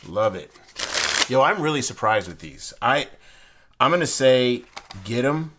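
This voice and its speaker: A man's voice: medium pitch, very animated, measured pace, heavy background noise. A man casually reviewing a deck of playing cards and explaining a trick, rambling with frequent restarts and bursts of enthusiasm.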